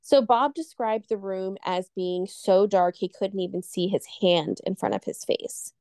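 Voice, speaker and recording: A woman's voice: medium pitch, darkish tone, no echo, clean studio sound. Chatty woman telling a spooky story. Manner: rambling, loses her train of thought, quick asides. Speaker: podcast co-host, storyteller. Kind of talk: casual chat, telling a scary story.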